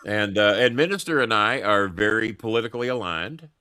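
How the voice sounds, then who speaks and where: A man hosting a talk show, telling profane political stories in a lively, animated way. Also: fairly low pitch, fairly quick, smooth, no echo, studio quality. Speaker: show host. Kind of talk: casual political chat. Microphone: earpiece headset.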